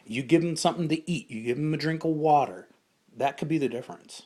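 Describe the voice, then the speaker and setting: A man's voice: on the high side, brisk. A middle-aged man, a survival instructor, giving a casual, conversational talk with frequent fillers and restarts.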